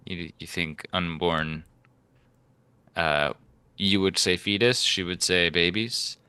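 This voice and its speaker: A man's voice: deep voice, takes it slowly, pushed and bright, clean tone, dry recording. A man moderating a live-streamed debate, reading out donations and joking with the guests in a teasing, casual way.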